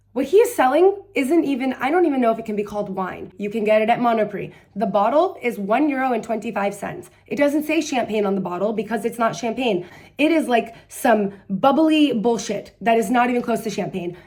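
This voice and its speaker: Brief: woman vlogger, rapid chatty delivery, fairly high voice, blunt and sarcastic. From United States. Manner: chatty, animated storytelling with quoted voices. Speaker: travel vlogger. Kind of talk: casual advice vlog.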